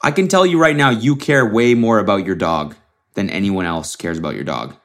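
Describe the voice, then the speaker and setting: A man's voice: fairly low pitch, lively intonation, a little fast, fairly bright tone. A man hosting a podcast, ranting casually and mockingly, with frequent swearing, from a very hot room. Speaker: podcast host. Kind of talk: casual solo rant.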